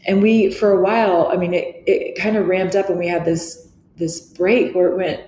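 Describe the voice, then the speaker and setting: Earnest middle-aged lady guest, kinda low voice, roomy echo. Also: steady tone, moderate pace, mellow. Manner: earnest, reflective, restarts often. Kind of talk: candid interview talk. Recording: echoey room with faint noise.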